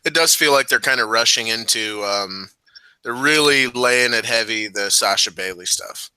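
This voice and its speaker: A man co-hosting a wrestling podcast, chatting casually, swearing freely and laughing loudly at his own jokes. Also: mid-range voice, moderate pace, clean tone, no echo, low-quality recording. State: giddy from cold medicine. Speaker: podcast co-host.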